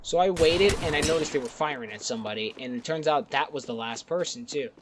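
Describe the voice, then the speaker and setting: A man's voice: a little high, expressive, fast talker. Laid-back young man over game gunfire. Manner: rambling, profane, laid-back. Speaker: gaming YouTuber. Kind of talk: casual commentary over gameplay clips. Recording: game gunfire noise underneath. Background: game gunfire and clicks.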